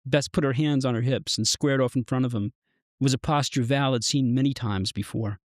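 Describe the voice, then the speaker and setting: A man's voice: medium pitch, dry recording. Man reading his own fiction, dry and close. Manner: measured, even narration. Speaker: author reading his story.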